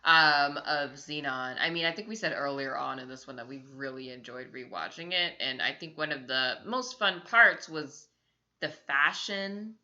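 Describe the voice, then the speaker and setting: A woman's voice: sits low, moderate pace, pushed and bright. A woman co-hosting a podcast, chiming in and wrapping up the segment in casual chat. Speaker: podcast co-host. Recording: dull lo-fi audio.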